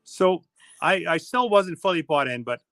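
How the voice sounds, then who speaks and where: A middle-aged man co-hosting a casual live stream, telling animated stories and reading viewer comments aloud. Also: a little high, moderate pace. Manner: animated storyteller, laughs often.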